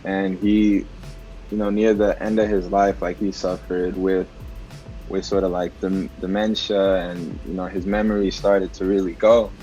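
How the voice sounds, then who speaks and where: In a casual video-call interview, a young musician guest reflects in a relaxed manner, saying "like" often, with fillers throughout. His deep voice is a little slow, soft music plays in the background, and the call audio sounds dull and lo-fi.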